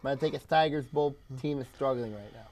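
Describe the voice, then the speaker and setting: A man's voice: mid-range voice, fast, darkish tone. Rambling man debating baseball. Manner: rambling, lots of fillers. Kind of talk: casual sports debate.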